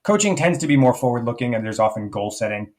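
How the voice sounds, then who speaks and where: A man's voice: mid-range voice, very animated, fast talker. A man speaking as a life coach guest in a podcast interview, reflective and rambling, with many fillers and restarts.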